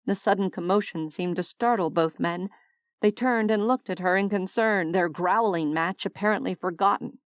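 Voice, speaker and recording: A woman reading a novel aloud as an audiobook narrator, steady and expressive. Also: mid-range voice, normal speed, dry recording, studio quality. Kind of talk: scripted narration.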